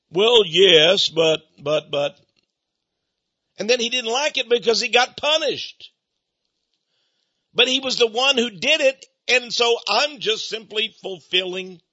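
A man preaching a sermon, emphatic and deliberate with drawn-out stresses, on a dull lo-fi recording. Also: high voice, bright, forceful tone, slightly rough, no room sound. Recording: dull lo-fi sound.

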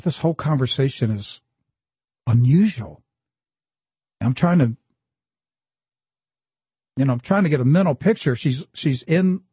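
Husky animated male talk show host. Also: dry recording, lo-fi sound. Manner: animated storyteller, voice rising high for emphasis. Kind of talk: Christian talk show conversation and storytelling.

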